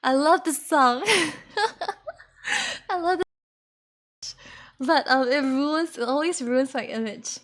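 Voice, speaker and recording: Giggly high-voiced young woman streamer. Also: takes it slowly, long pauses, a bit bright. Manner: giggly, rambling, chatty with viewers. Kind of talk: casual stream chat and karaoke singing.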